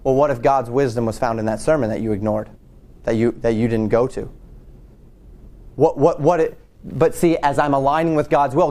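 A man's voice: mid-range voice, fairly even intonation, brisk, darkish tone. A man preaching a sermon in a conversational way, often repeating words as he thinks.

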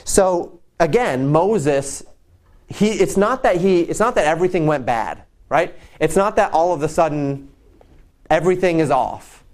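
A man's voice: fairly high pitch, lively intonation, a little mellow. Man retelling a Bible story. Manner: storytelling, with quick repeated words. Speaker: preacher. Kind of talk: conversational Bible teaching.

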